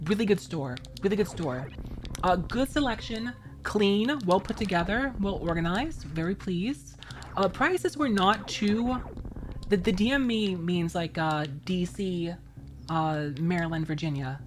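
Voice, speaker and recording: A woman's voice: on the low side, expressive, measured pace, background noise. A woman streamer chatting casually while playing a game, laughing often and thanking viewers from chat.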